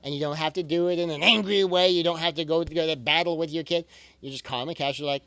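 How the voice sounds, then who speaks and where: Man, parenting coach, earnest, reassuring, fairly high voice, dry sound. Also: fairly even intonation, fast, vocal fry, sharp tone, dry recording. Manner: earnest, reassuring, repeats key phrases. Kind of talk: recorded talk on parenting.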